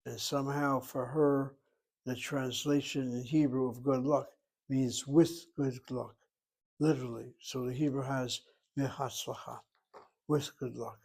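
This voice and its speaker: An older man lectures on grammar in a measured, methodical way. His voice sits in an ordinary middle pitch, and he walks through each rule one step at a time. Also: steady tone, gravelly, a little mellow, slightly rough. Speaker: Hebrew teacher.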